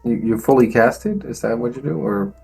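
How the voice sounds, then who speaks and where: Man, game master, tabletop game narration, drawn-out dramatic delivery, faint music behind. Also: mid-range voice, expressive, vocal fry, a little mellow.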